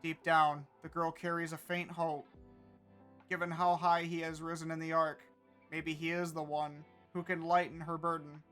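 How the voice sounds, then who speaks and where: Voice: mid-range voice, little pitch movement, moderate pace, a bit bright, faint music behind. Streamer reading a game story aloud.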